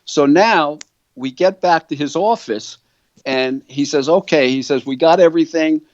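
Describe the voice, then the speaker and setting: A man's voice: fairly high pitch, measured pace, no echo, lo-fi sound. An older man, a guitar company founder telling a long story in an interview, acting out what others said. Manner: animated storyteller, quoting others' words.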